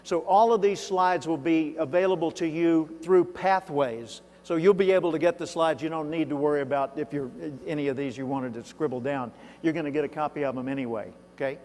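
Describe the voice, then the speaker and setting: A man's voice: a little high, brisk, hardly any pauses, a little mellow. A man from Arkansas with a toned-down Southern accent, giving a keynote speech and telling folksy stories with asides to the audience. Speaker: keynote speaker. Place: large hall. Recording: reverberant hall, live event.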